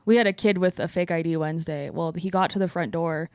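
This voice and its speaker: A woman's voice: fairly low pitch, fast, clean tone, dry recording, clean studio sound. A young woman co-hosting a podcast, casually telling bar security stories and acting out the people in them. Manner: lively retelling with acted-out quotes. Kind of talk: casual chat, animated storytelling.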